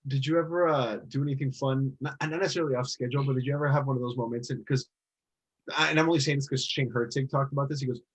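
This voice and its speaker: A man hosts a casual podcast chat, reacting with exclamations and asking loose, rambling questions. His voice is a little husky, at a middling pitch. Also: fairly even intonation, racing, low-quality recording. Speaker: podcast host.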